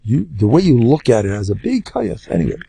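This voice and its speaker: An older rabbi, giving a Torah class and swinging between loud emphasis and soft murmurs. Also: male voice, medium pitch, wildly swooping pitch, a little fast, gravelly, breathy edge. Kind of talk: Torah lecture.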